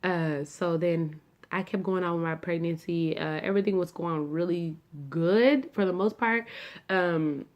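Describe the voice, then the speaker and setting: A young woman tells her story straight to her viewers in a loose, chatty vlog style. Her voice sits a touch low for a woman, and she leans on fillers, calling her audience y'all. It sounds relaxed and conversational, never scripted. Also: a little slow, lo-fi sound. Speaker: vlogger.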